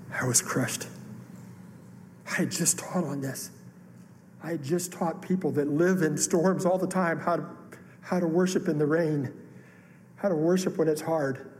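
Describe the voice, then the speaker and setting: A man's voice: fairly high pitch, fairly even intonation, measured pace, pauses often, a little mellow, slight background noise. A man preaching a sermon, telling a personal story with earnest emotion. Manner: earnest, emotional testimony with rising outbursts. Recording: long hall reverb, faint room ambience.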